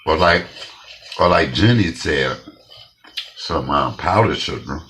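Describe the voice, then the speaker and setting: A man's voice: a bass voice, lively intonation, takes it slowly, a bit bright, a little hiss or hum. A man hosting a home cooking show, chatting bluntly and straight to viewers as he tastes his food. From Detroit, USA. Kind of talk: casual cooking vlog with tasting.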